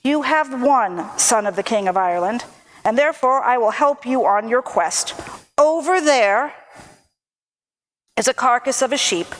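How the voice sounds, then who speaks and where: A woman voicing grumpy male giants who shout threats and then turn friendly, in a told folk tale. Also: on the high side, expressive, a little slow. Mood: blustering.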